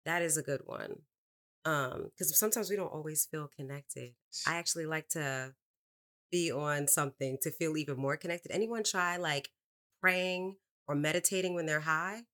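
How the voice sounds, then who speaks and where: Calm low-voiced woman leading affirmations. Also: moderate pace. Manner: calm and guiding, relaxed. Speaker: podcast co-host. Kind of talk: leading affirmations and casual podcast talk.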